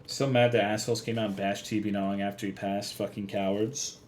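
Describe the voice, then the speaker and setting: A man's voice: lowish voice, little pitch movement, brisk, slight background noise. A young man streaming live, chatting casually with his viewers in a rambling, profane, self-deprecating way. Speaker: livestreamer. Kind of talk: casual livestream chat.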